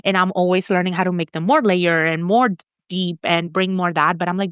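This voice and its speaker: A woman author being interviewed in a casual chat, talking in an animated, confident way and laughing often. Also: on the low side, a little fast, hardly any pauses, clear, resonant tone, dry recording. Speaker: author guest. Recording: dull lo-fi dry sound.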